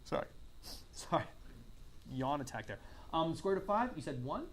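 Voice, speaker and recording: A man teaches a classroom math lesson, his voice sitting a little high for a man. He keeps asking the class questions and echoing their answers back, with a faint hiss in the recording. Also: expressive, moderate pace. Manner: coughs and clears throat now and then. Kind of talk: classroom lecture.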